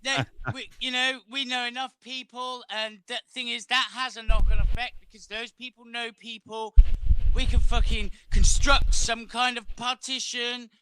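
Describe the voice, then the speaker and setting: High-voiced swearing man, noisy mic. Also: flat delivery, moderate pace, sharp tone. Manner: angry, heavy swearing. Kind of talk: casual livestream chat.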